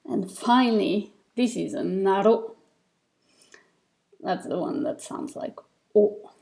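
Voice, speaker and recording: A woman's voice: mid-range voice, animated, takes it slowly, creaky, dark tone. A woman teaching a beginner reading lesson, explaining step by step in a patient way, with fillers and small restarts. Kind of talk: recorded lesson over slides.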